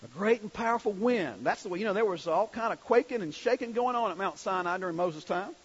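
Male preacher, high husky voice, conversational sermon, slightly dull lo-fi recording. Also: lively intonation, fast. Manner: conversational, asks the congregation questions.

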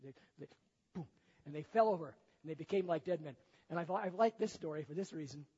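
A man's voice: a little high, a little fast, dark tone, breathy edge. An older man preaching a sermon and retelling a Bible story in a folksy, conversational way, often chuckling at his own remarks. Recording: echoey hall, dull lo-fi sound.

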